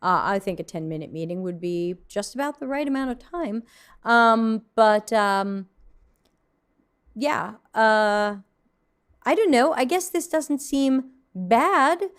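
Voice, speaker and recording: A woman's voice: a little high, animated, slow, smooth. Frank woman reacting on a livestream. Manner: frank, mildly snarky, many ums and restarts. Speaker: host reacting to viewer submissions. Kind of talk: casual livestream commentary. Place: at her desk.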